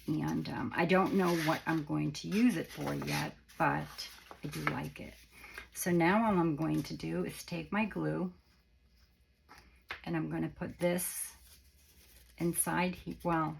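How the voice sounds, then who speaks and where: A woman with a low, deeply gravelly and croaky voice talks through a paper-craft tutorial in an easygoing, rambling way. She wanders off mid-sentence and corrects herself, like someone showing a friend how it's done. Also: slight background noise, rough recording. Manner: chatty, meandering, self-correcting. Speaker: craft channel host.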